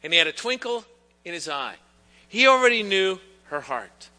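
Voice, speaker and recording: A man preaching a sermon in a conversational, teasing way, his voice high and strikingly bright. The church gives it a long, ringing reverb. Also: big pitch swings, normal speed. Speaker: pastor. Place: church sanctuary.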